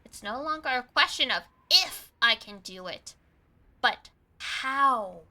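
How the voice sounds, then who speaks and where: A woman reading aloud the inner monologue of a grim young man fighting a vampire, in a quiet, measured voice. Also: fairly high pitch, animated, exaggerated voice. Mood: determined. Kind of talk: reading visual novel narration aloud.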